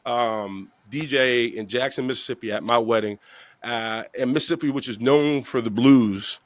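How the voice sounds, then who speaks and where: A man's voice: mid-range voice, moderate pace, dry recording. A man hosting a podcast, telling a long story with lots of acted-out quotes. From New York. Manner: animated storyteller, acts out quotes. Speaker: podcast host. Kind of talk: casual storytelling interview.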